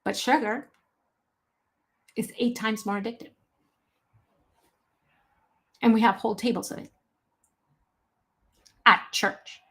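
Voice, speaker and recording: A woman's voice: on the high side, steady tone, unhurried, long pauses, fairly bright tone. Emphatic woman giving a health talk. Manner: emphatic, apologetic asides to chat viewers. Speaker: health presenter. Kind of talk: online health presentation.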